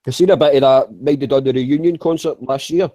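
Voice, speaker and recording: A man's voice: medium pitch, a little fast, warm tone, dry recording. A man chatting loosely, rambling and swearing now and then. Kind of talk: casual chat.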